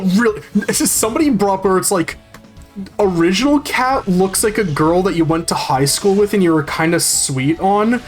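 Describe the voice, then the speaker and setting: A game streamer chatting casually while playing, rambling and swearing freely as they read and answer chat. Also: medium pitch.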